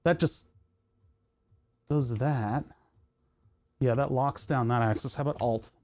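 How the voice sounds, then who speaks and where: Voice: mid-range voice, slow, darkish tone. A streamer from Pennsylvania chatting casually while working on a computer, wandering off on tangents and cutting themselves off mid-thought. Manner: rambling, tangent-prone, self-interrupting.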